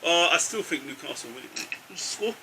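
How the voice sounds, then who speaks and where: A man trading blunt, swear-filled football opinions with a co-host, tacking "mate" onto his lines. His voice sits high and sounds very bright. A faint hum of ambient noise runs underneath. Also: expressive, a little fast, low-quality recording. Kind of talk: casual football banter.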